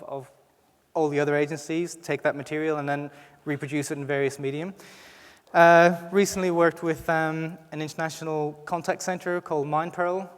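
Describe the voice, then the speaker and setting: A man's voice: fairly high pitch, clean tone. A man with an Irish accent giving a conversational conference talk, often restarting his sentences. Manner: conversational, frequent restarts and fillers. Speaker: conference speaker. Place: conference hall. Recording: reverberant hall.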